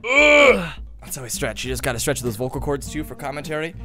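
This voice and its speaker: A man's voice: on the high side, huge pitch swings, a little fast. A playful man giving casual gaming commentary, his voice bouncing up and down as he jokes and boasts. He often laughs between lines. Faint music sits behind him. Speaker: gaming video host.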